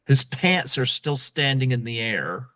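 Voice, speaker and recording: A man's voice: mid-range voice, animated, measured pace, pushed and bright. A male podcast host in casual chat, animatedly retelling a film scene and acting out the quotes. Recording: dull lo-fi recording.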